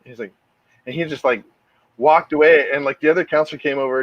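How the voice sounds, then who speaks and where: A man's voice: a little high, steady tone, fast, a bit bright, dry recording. Rambling storyteller man, dull dry sound. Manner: rambling, laughing anecdotes. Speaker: podcast co-host. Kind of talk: casual storytelling chat.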